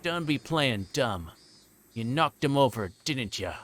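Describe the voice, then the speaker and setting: A man voicing a menacing young male street thug in a put-on Cockney accent, growling and slow as he bullies someone in a game read-aloud. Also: medium pitch, expressive, fairly bright tone, a little hiss or hum. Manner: growling, bullying, slow and threatening.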